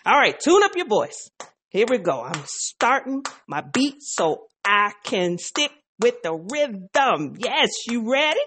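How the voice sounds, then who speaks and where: A woman's voice: fairly high pitch, slow, slight background noise. A woman hosting a faith podcast in a casual, playful way, joking with listeners and a little out of breath. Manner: playful, animated, sings along off key. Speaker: podcast host.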